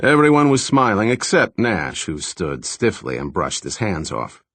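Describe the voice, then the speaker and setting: A man's voice: on the low side, big pitch swings, a little slow, fairly bright tone, no echo. A man narrating a first-person thriller audiobook in a dry, wry storytelling manner, close to a studio mic.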